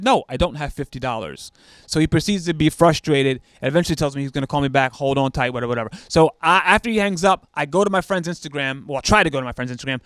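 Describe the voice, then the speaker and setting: A man's voice: a little high, clean tone, no echo, studio quality. A man telling a story in a casual, slangy way, with lots of fillers, acting out other people's lines in a raised voice. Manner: animated, acts out the scammer's lines in a raised voice.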